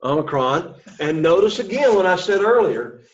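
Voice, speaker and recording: A man's voice: high voice, very animated, moderate pace. Encouraging man teaching a classroom lesson. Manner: encouraging, explains step by step and quizzes the class. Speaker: Greek teacher. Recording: dull lo-fi sound.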